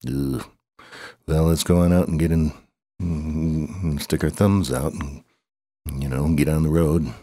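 A man improvising a playful story, rambling and excitable, with grunts, humming and race-call cheering. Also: rumbling low, measured pace, gravelly, pauses often, no echo, clean studio sound.

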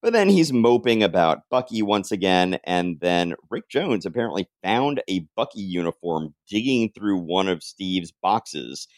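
Podcast co-host, man, very low voice, dry close sound, lively recapping of comics. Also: a little slow, hardly any pauses, no room sound. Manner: animated recapping, briefly acting out characters' lines. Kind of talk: casual comic-book recap.

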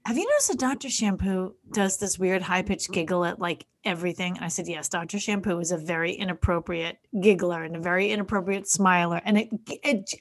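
A woman's voice: on the low side, a little fast, hardly any pauses. A middle-aged woman co-hosting a casual chat, telling stories with lots of laughter and acted-out quotes. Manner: animated storyteller, laughs often, acts out quotes. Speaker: podcast co-host.

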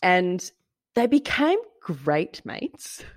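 A woman, talking in a casual, animated way as she co-hosts a podcast. Her voice sits fairly low, and she keeps the chat light with jokes, laughter and the odd swear word. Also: extremely slow, no room sound, studio quality. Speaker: podcast co-host. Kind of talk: casual true-crime chat.

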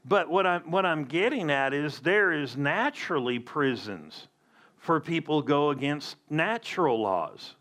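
Guy pastor preaching slow, chatty asides, kinda higher voice. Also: expressive, a bit bright. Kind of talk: sermon.

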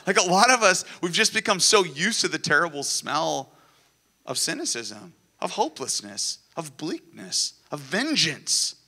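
A pastor preaching to his church, earnest and building to excited peaks. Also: fairly high pitch, a little slow. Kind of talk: sermon. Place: church sanctuary.

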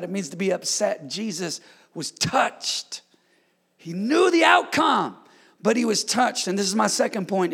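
High-voiced gravelly preacher in a hall. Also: male voice. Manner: call-and-response preaching, swings from hushed to shouted. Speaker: pastor. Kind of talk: sermon. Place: church sanctuary.

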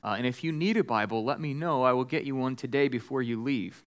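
A man preaching a sermon as pastor, telling a joke with lively voices for the characters in a church sanctuary. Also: mid-range voice, quick pace, clean tone. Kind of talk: sermon with storytelling.

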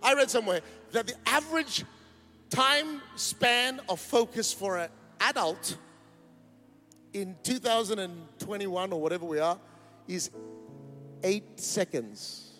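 High-voiced man preaching emphatically. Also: unhurried, pushed and bright, faint music behind. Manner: emphatic, rising to a rousing preaching cadence with joking asides. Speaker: pastor. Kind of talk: sermon. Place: church auditorium.

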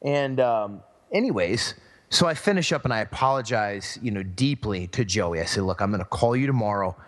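A man's voice: lowish voice, lively intonation, moderate pace, fairly bright tone. A man co-hosting a podcast, telling a story casually and acting out the voices of the people in it. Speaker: podcast co-host. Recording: long hall reverb.

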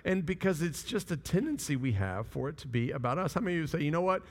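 Animated preaching man in a big hall. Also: a little high, fast, slightly rough. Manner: animated storytelling with quoted voices. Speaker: pastor. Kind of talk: sermon.

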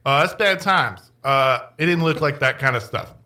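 Bright-voiced halting man. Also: medium pitch, expressive. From Texas. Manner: halting, stumbling restarts. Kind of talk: casual chat.

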